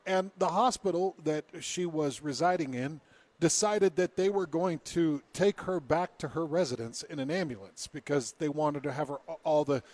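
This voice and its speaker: A man's voice: on the high side, normal speed, a little mellow. Man telling a story on talk radio. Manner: storytelling, reads quotes in a put-on British accent. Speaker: radio show host. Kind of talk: casual radio banter, reading a news story.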